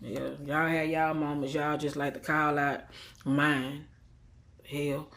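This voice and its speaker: A tearful woman, venting defiantly into a phone held at arm's length, swinging from quiet and subdued to heated. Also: deep voice, little pitch movement, takes it slowly. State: tearful after crying. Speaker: vlogger. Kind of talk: emotional selfie vlog rant.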